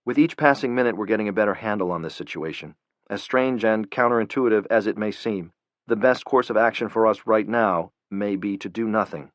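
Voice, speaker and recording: A man voicing a cautious intelligence director who speaks softly and in a measured way. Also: medium pitch, no echo, lightly acted. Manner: soft, measured. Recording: dull lo-fi, dry.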